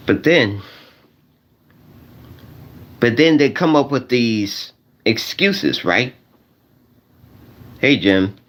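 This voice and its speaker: Animated man ranting, voice leaping high. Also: very slow, pauses often. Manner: repetitive, exasperated, voice jumping high when indignant. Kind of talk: stand-up rant to a crowd.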